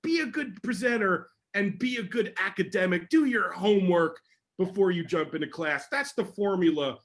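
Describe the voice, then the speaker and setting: A man, a security educator, answering questions in a casual online session with energetic, emphatic talk. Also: high-pitched, moderate pace.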